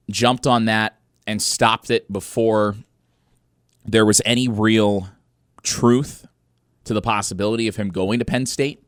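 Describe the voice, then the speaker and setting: Young guy doing college sports radio talk, fired up and opinionated, slightly low voice, dry studio. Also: no echo. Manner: energetic, opinionated, quick delivery with emphatic stresses.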